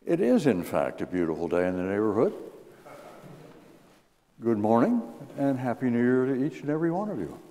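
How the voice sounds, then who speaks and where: A man preaches from the pulpit, his dark, mellow voice rising and falling with lively emphasis as he reads scripture aloud. The long reverb of a church hall trails behind every phrase. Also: mid-range voice. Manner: expressive, measured reading with lively rises. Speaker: guest preacher. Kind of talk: sermon. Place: church sanctuary.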